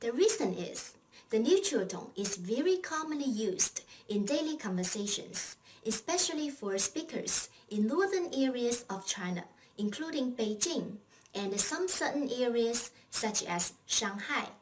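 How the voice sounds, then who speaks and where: A woman's voice: fairly high pitch, very animated, a little slow, distant mic, a little hiss or hum, low-quality recording. A woman teaching a recorded language lesson, patiently explaining and leading repeat-after-me drills.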